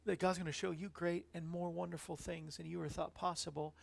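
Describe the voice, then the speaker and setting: A man's voice: a little high, flat delivery, brisk, creaky, a little hiss or hum. A man hosting a casual Christian TV talk show, encouraging his guest and chuckling easily. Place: TV studio.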